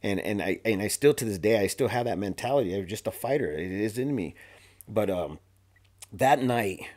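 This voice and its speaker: Animated, slangy man telling a story. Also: lowish voice, moderate pace. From Arizona. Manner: animated, slangy, many fillers and restarts. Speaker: podcast guest. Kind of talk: casual storytelling.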